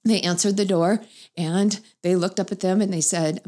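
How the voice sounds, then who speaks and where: A middle-aged woman, a mother, telling a humorous family story to an audience and acting out the voices she quotes. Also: moderate pace. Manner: animated, acts out quoted voices with big pitch jumps.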